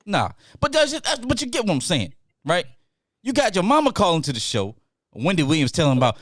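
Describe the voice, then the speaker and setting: A male podcast host who rants in a lively, up-and-down voice, sitting a little high for a man. He repeats phrases for emphasis and works himself up. The sound is close and dry, with no room around it. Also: brisk, dry recording. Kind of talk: casual podcast chat. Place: studio table with co-hosts.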